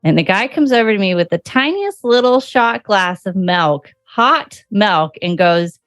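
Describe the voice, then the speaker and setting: A woman's voice: mid-range voice, lively intonation, normal speed, hardly any pauses, no echo. A woman hosting a podcast interview, chatty and storytelling, acting out little exchanges as she goes. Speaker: podcast host. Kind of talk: casual interview chat.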